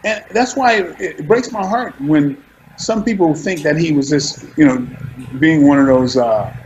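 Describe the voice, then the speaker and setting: High-voiced man telling stories, lo-fi. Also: a little slow, a little hiss or hum. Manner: animated, restarts sentences often. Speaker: actor interviewed as guest. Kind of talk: casual interview storytelling.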